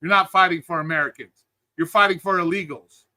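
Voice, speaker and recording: Angry streamer host, high tense voice, heated profane rant, calls out his chat. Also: a little fast, bright, forceful tone. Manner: angry, heated, swearing constantly; greets live chat viewers between rants. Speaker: livestream host.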